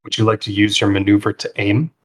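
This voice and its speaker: A man narrating a tabletop role-playing game as game master, in a relaxed way with many fillers. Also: on the low side, fast. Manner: relaxed, filler-heavy narration with frequent ums and likes.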